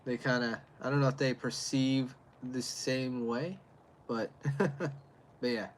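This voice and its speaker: A man's voice: mid-range voice, steady tone, slow pace, slight background noise. A man with a Canadian accent, chatting casually and hesitantly as he reviews a beer on a livestream. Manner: rambling, hesitant, chuckling.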